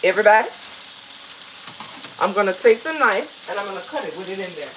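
A woman's voice: medium pitch, animated, fairly quick, background noise. A woman, chatting playfully to viewers as she cooks in her home kitchen. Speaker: home cook hosting a recipe video. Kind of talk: casual cooking vlog chat to viewers.

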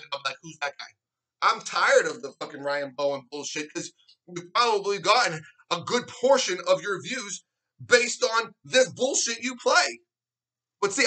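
A man's voice: high-pitched, pushed and bright, rough recording. A man delivering a heated, profane, sarcastic rant to camera, mocking his rival in put-on voices. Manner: confrontational, sarcastic, mocks others in put-on voices. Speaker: arm wrestler vlogging a response.

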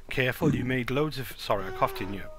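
A man's voice: mid-range voice, fairly quick, noisy background. A young man commentating his own gameplay in frantic, swearing bursts of repeated words.

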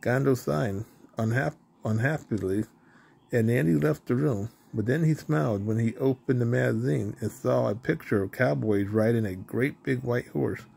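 Gravelly man reading a storybook. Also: mid-range voice, normal speed. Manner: plain, steady reading with small slips. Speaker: storybook reader. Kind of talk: reading a children's book aloud.

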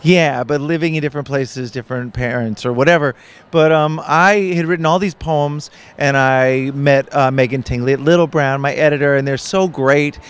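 A man, an author and musician, chatting as an interview guest in a relaxed, self-deprecating way. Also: medium pitch, normal speed, smooth. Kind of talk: casual interview chat. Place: conference booth, indoors.

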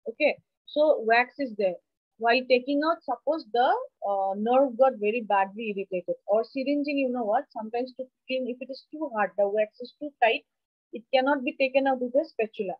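Over a video call, a female anatomy lecturer walks her class through the material step by step, frequently quizzing the students as she goes. Her brisk voice is on the high side, picked up by a computer mic in a muffled recording without room sound.

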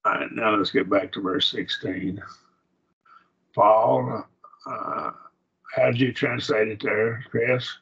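A low, gravelly man with an Oklahoma accent leads a Bible class, his voice rough and very husky. He talks conversationally and keeps putting questions to his students. The classroom recording sounds dull and lo-fi. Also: slow, long pauses, fairly bright tone. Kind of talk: teaching a college-level Bible class.

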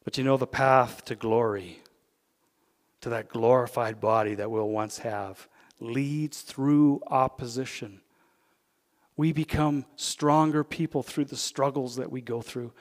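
A man with a Canadian accent, a pastor preaching a sermon, who swings from loud, emphatic peaks down to hushed, intimate asides. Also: medium pitch, steady tone, unhurried, big-room sound. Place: church sanctuary.

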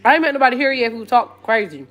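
A woman's voice: a little high, fast, a bit bright, soft background music. A woman from Wisconsin, live-streaming from home. She chats casually, reads viewer comments aloud, and eats between words. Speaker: vlogger. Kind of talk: casual live-stream chat while eating. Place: at home, indoors.

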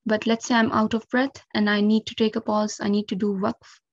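A woman's voice: mid-range voice, little pitch movement, a little fast, no echo, dull audio. A woman teaching recitation rules, explaining each step patiently and carefully with frequent 'um' and 'okay'. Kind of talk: instructional lesson.

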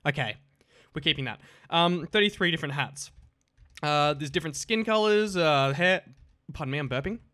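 A man's voice: fairly high pitch, brisk, pushed and bright, dry recording, studio quality. A man giving casual, crude and jokey gameplay commentary as host of his gaming videos.

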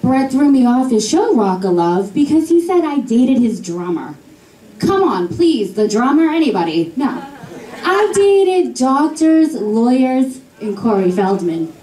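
A young woman with a Boston accent doing a stand-up comedy set with slow, deadpan delivery on a club stage. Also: high voice. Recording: echoey club from far off, faint noise.

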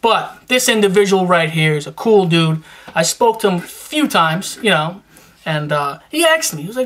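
A man's voice: high voice, lively intonation, moderate pace, fairly bright tone. Young New man, rambling and slangy, casual vlogger tone. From New York. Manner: rambling and slangy, full of fillers and restarts. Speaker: reptile-keeping YouTuber giving shout-outs. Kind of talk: casual vlog chat.

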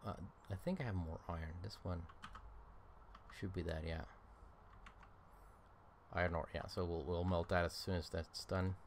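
In casual let's-play commentary, a low-pitched game streamer keeps a steady tone at a moderate pace with long pauses. Tired and yawning, he rambles and thinks aloud, filling gaps with ums and uhs, over a little hiss or hum.

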